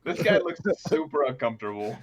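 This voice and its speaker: A man narrating as game master of a tabletop game, often pausing with ums and uhs. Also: mid-range voice, animated. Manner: hesitant, many ums and uhs.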